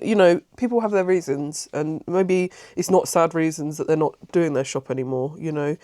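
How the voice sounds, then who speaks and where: A woman chats casually at home in her craft vlog, her low, warm voice moving at a normal speed. She rambles, gets emotional and easily moved, and often breaks off to start again. There's no room sound.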